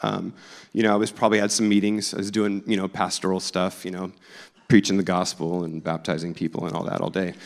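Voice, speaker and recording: A man's voice: deep voice, level tone, a little fast, gravelly. A man in his forties, a pastor giving a conversational sermon in a church, joking and self-deprecating as he talks. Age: 40s. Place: church sanctuary. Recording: long reverb of a church hall.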